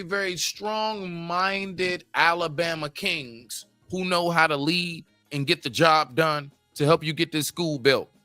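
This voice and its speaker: A man's voice: sits high, sharp tone, no room sound. A man hosting a stream, giving a profane, ranting reaction commentary to a clip and talking straight to his viewers.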